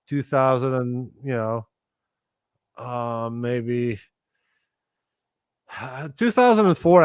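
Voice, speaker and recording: A middle-aged man spins casual stories as a guest, with loose swearing and quick impressions of the people in them. His voice sits at an average pitch and sounds close and dry. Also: smooth, dry recording. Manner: animated, swears casually, acts out other people's lines. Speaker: guest musician. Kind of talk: casual storytelling chat.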